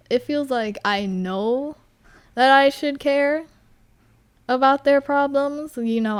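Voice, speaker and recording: A woman's voice: fairly high pitch, clean tone, dry recording. A young adult woman hosting her own podcast, rambling frankly and cursing as she tells stories about people she knows. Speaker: podcast host. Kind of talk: casual solo chat.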